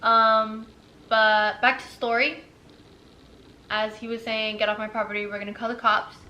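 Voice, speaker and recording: A woman's voice: fairly high pitch, moderate pace, dull audio, slight background noise. A young woman casually retelling a story, full of fillers and quoted dialogue. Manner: filler-heavy, animated retelling.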